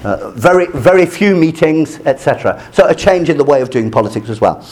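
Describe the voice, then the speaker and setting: A man giving a university lecture on politics, animated and full of restarts, slipping into short French asides. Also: fairly high pitch, brisk. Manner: animated, acts out quoted voices, many restarts.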